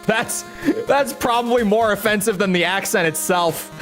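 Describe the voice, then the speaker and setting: A woman's voice: mid-range voice, normal speed, soft background music. A woman streaming a game, chatting casually, rambling and correcting herself as she goes. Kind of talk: casual live-stream chat.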